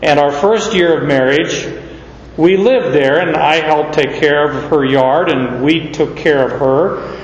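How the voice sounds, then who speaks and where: Male preacher, middle-aged, from Arizona; unhurried sermon delivery, muffled echoey hall sound. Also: on the high side, slight background noise. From Arizona, USA. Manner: unhurried storytelling with sudden emphatic rises. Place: large hall or church.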